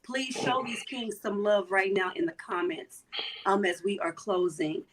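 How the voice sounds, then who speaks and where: A woman's voice: mid-range voice, measured pace, noisy background. A woman hosting a panel discussion, affirming and emotional with her guests. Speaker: host.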